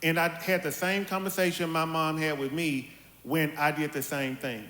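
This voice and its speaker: A middle-aged man, telling candid family stories on a church panel and acting out his mother's voice with lively quotes. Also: on the high side, normal speed. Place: church hall. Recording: echoey hall with faint ambience.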